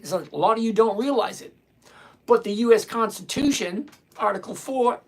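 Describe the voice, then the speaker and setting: A man in his sixties hosting a live stream, reading chat questions aloud and answering in a blunt, dismissive way. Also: very high voice. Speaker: livestream host answering chat.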